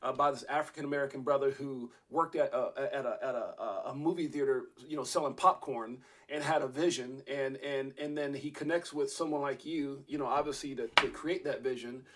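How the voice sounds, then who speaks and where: A man's voice: mid-range voice, a little fast, hardly any pauses, a bit bright. A man hosting an interview, telling a long rambling story with many restarts and fillers. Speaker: podcast host.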